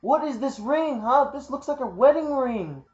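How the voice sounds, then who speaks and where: A man's voice: very high-pitched, animated, moderate pace, darkish tone, pitched above the performer's own voice. A man putting on a suspicious, accusing wife. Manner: accusing, demanding. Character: suspicious wife confronting her husband. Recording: roomy, muffled lo-fi recording.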